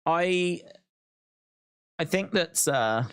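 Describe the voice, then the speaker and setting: A man's voice: a little high, lively intonation, extremely slow, a bit bright, clear, resonant tone, dry recording, studio quality. A man hosting a live wrestling watch-along, chatting casually and reading out viewer comments. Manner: chatty, reads out viewer comments, laughs often.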